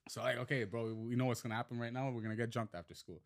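A man telling a high-school fight story in casual podcast chat, swearing freely and acting out the quotes. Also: rapid-fire, few pauses. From Montreal. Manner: swearing, animated retelling with acted quotes.

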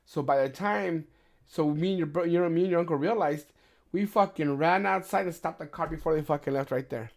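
Middle-aged male host, casual storyteller, heavy cursing, animated retellings. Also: on the high side, a little fast. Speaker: podcast host. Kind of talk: casual chat.

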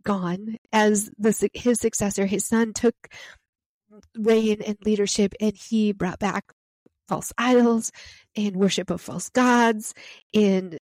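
A woman's voice: medium pitch, darkish tone, dry recording. A woman reading scripture aloud and explaining it in an earnest, emphatic teaching style. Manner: earnest, emphatic, piling up phrases. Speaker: Bible teacher. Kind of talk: Bible reading and devotional teaching.

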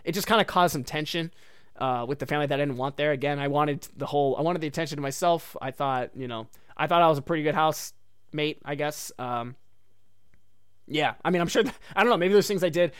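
A man's voice: a little high, fast talker, clear, resonant tone, no room sound, studio quality. A young man hosting a podcast, telling a casual rambling story full of "like" and "dude.". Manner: rambling, heavy use of "like" and "dude". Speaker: podcast host.

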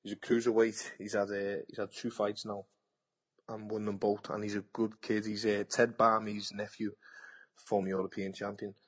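Chatty husky man. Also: lowish voice, flat delivery, moderate pace. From England. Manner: blunt, chatty, repeats words. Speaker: boxer and TV pundit. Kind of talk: casual interview.

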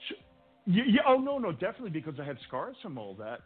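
A man's voice: high voice, fast, loud music behind the voice. Man telling stories over a tinny line. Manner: animated storyteller, acts out quotes with shouting, stammering restarts. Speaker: podcast guest. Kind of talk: casual interview storytelling.

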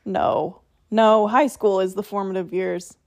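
A woman's voice: mid-range voice, steady tone, dry recording, clean studio sound. A woman co-hosting a podcast in casual chat, talkative and laughing easily. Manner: chatty, laughs often, quick asides. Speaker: podcast co-host.

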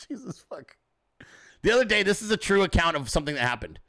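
A man in his forties hosting a show, telling stories in a swearing, animated rant. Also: high-pitched, rapid-fire. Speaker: show host. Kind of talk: profane ranting monologue.

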